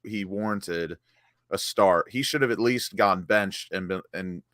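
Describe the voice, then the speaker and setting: A man co-hosts a fan channel's angry post-match chat, frustrated and swearing as he picks apart the team's play and restarts his sentences. His low voice is unhurried and a bit bright, in a dry recording with clean studio sound.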